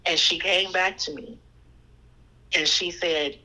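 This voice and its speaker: Lively woman telling a story. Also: fairly low pitch, unhurried, poor audio. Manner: animated, quotes people in voices. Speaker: guest. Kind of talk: conversational storytelling.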